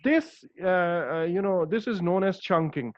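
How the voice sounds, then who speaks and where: A man who teaches English gives an online exam-prep lesson in a high, animated voice. He explains slowly with many fillers and restarts, and the audio sounds dull.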